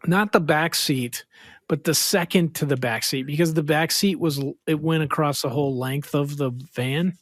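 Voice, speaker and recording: Casting: male podcast co-host, somewhat high voice, rambling playful storyteller, dry close sound. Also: fairly bright tone, no echo. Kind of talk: casual podcast chat.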